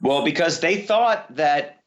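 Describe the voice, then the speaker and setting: A man, a voice actor, telling stories in a casual interview with a lively manner. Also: slow pace. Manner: lively, jumps up in pitch when excited. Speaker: voice actor guest.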